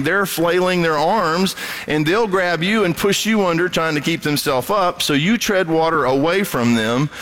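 A man preaching a sermon, animated, acting out quoted voices as he goes. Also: high-pitched. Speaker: pastor.

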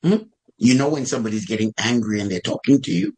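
A man preaching a sermon, acting out prayers with a raised voice and lively delivery. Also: mid-range voice, quick pace, husky, rough recording.

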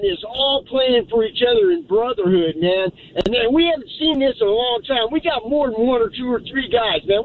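An excitable male fan calls in over a thin, tinny phone line. His voice sits very high for a man, and he keeps tacking "man" onto almost every phrase. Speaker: caller. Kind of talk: fired-up fan call-in.

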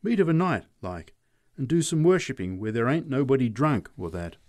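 Man voicing a big bossy woman, coarse blunt talk, raised pitch, storybook reading. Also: very animated, moderate pace, darkish tone, natural voice. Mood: coaxing.

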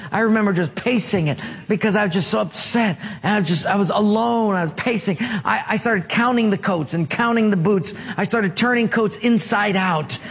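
A man's voice: sits high, normal speed, few pauses, husky. A man preaching a sermon as pastor, telling stories with humor and acting out the voices in them. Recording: reverberant hall.

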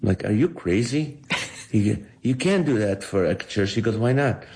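Man, middle-aged, from the Middle East, comedian guest, lowish pitch, animated storytelling, acts out quotes. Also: moderate pace, gravelly. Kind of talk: storytelling interview.

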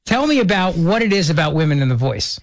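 A man's voice: a little high, very animated, quick pace. A man hosting a talk radio show, trading sarcastic, mocking banter with his producer.

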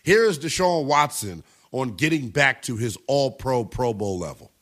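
A man's voice: medium pitch, animated, normal speed, fairly bright tone. A man hosting a sports talk radio show, giving brash, emphatic opinions and taking calls.

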